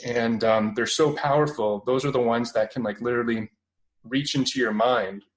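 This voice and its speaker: A man's voice: medium pitch, steady tone, normal speed, low-quality recording. A young man in his twenties with a Canadian accent, a guest on an interview, talking casually and rambling with many fillers and restarts. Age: 20s.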